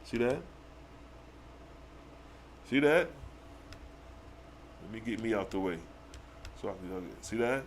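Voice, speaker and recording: A man hosting a live religious stream, reading verses slowly and then breaking into excited slang commentary with rhetorical questions. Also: fairly low pitch, slight background noise. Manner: challenges the listeners with rhetorical questions. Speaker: religious livestream host. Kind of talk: live scripture teaching.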